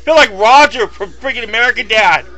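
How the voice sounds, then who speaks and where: A man vlogging casually, rambling and bursting into loud mock shouts. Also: very high voice, expressive, brisk, faint music behind. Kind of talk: casual vlog commentary.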